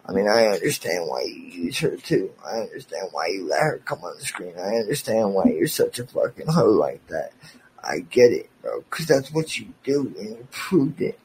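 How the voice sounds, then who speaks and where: A man's voice: lowish voice, sing-song, normal speed, darkish tone, a little hiss or hum, poor audio. A man hosting a podcast, delivering an angry, profane, sarcastic rant aimed at a former friend.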